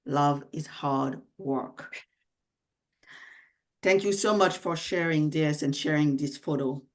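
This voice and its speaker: A woman's voice: low-pitched, fairly even intonation, takes it slowly. A woman moderating a panel discussion, speaking with searching phrasing and frequent fillers.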